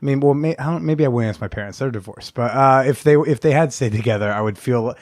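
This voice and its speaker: A man hosting a podcast, asking quick, curious follow-up questions in a casual way. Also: medium pitch, a little mellow, dry recording, studio quality. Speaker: podcast host.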